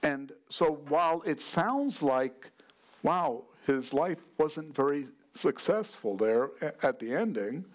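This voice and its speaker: A man preaching a sermon as pastor, in an earnest, unhurried delivery. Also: a little high, very animated.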